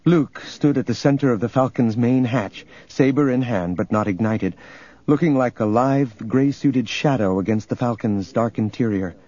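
Husky male audiobook narrator. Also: mid-range voice, moderate pace, dark tone, dull audio. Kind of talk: scripted narration.

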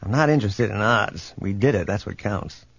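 A man voicing a brash, roguish starship captain who teases his young friend in a gruff tone, in a storybook reading. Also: fairly low pitch, animated, moderate pace, dry recording, highs cut off, heavily acted. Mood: wry.

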